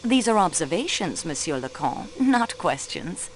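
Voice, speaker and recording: A sharp probing investigator. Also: female voice, lowish voice, big pitch swings, measured pace, slight background noise, poor audio. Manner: probing, coolly observant. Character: sharp young female railway clerk acting as detective.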